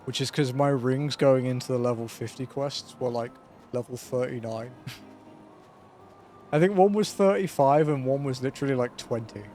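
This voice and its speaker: A relaxed male streamer chats over his gameplay in a mid-pitched, easygoing voice. He swears casually and breaks into chuckles often. Soft game music sits faintly in the background. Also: normal speed. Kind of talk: casual gaming commentary.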